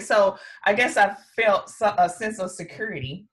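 A woman speaking as a podcast guest, with an ordinary mid-range voice. She tells a personal story casually, bringing remembered lines to life as she quotes them. Her delivery is lively and conversational. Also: mid-range voice, normal speed, slightly rough. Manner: animated, acts out remembered dialogue.

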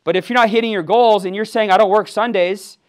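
Forties, high-pitched male trainer, fired up and punchy, quizzes the room. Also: steady tone, quick pace, clean tone. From Milwaukee, USA. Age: 40s. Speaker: sales team trainer. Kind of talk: motivational team training talk.

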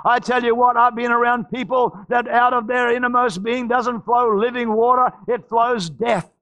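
Fervent pastor, very high gravelly voice. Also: male voice, fairly even intonation, normal speed, lo-fi sound. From Australia. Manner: fervent, shouting praises and repeating phrases. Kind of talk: charismatic sermon. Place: church service.

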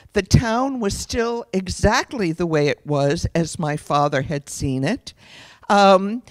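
This middle-aged American woman, a guest speaker at a lecture, offers a heartfelt, reflective personal testimony and stops now and then to correct herself. Her voice is mid-range, with no room sound in the recording.

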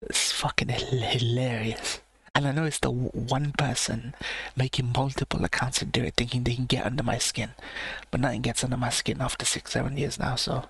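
A man hosting a late-night live-stream reaction in a hushed, low voice close to a sensitive mic, blunt and swearing as he rants. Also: little pitch movement, fairly quick, gravelly, slightly rough. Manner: hushed low voice, not quite a whisper. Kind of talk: late-night livestream chat. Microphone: sensitive mic with gain turned up.

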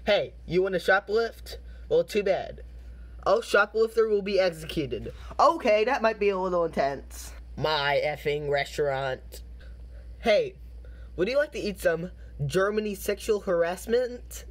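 A man's voice: sits high, unhurried. A man reading funny posts and signs aloud, with dry jokey commentary and bursts of laughter. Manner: deadpan reading broken out by laughing fits. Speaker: commentary video host.

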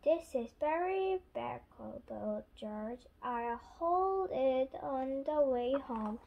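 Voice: sits high, animated, vocal fry, highs cut off, exaggerated voice. A child reading a storybook aloud, voicing a kind old grandfather pig in the reader's own voice. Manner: reads slowly, sounding out storybook lines.

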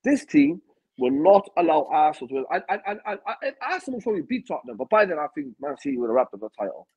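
Guy ranting quick about the title race, husky voice, repeats himself a lot, dull muffled clip. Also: fairly high pitch, big pitch swings, a little mellow. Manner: insistent, repetitive, hedging. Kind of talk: football fan opinion clip.

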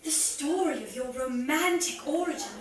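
A woman's voice: sits high, expressive, normal speed, a crowd in the background. A woman playing a formal young Victorian lady, reading on stage with theatrical diction. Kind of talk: live comedy stage reading. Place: comedy venue stage. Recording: echoey stage from far off.

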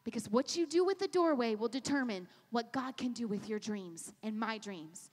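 A woman's voice: a little high, expressive, normal speed, darkish tone. A middle-aged woman pastor preaching a sermon at a women's rally, with an impassioned, repetitive cadence. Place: large church hall. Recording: long hall reverb.

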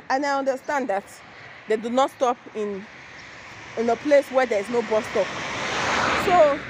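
Walking city streets with a stroller, a young woman with a Nigerian accent vlogs to her phone in a high voice over a noisy background. Talking casually to camera, she's exclamatory and rambling, retelling annoyances with repeated restarts.

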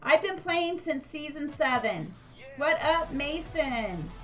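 A woman's voice: high voice, big pitch swings, takes it slowly, a bit bright, soft background music. An older woman live-streaming a game, chatting with viewers and thanking them by name.

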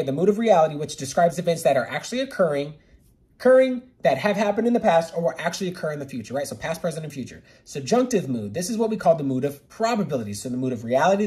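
A man giving a casual online Bible study, earnest and eager, repeating words for emphasis and rushing through his reading. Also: on the high side, darkish tone. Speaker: Bible teacher.

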